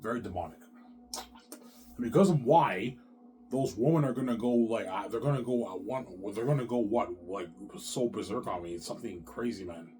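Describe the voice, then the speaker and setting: A man's voice: lowish voice, normal speed, mellow, slight background noise. A man talking on his own in a long, rambling, repetitive monologue, with heavy swearing and slang. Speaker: vlogger.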